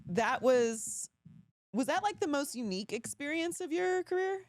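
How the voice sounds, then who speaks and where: A woman hosting a casual interview, asking curious, quick follow-up questions. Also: sits high, lively intonation, dry recording, clean studio sound. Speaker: host.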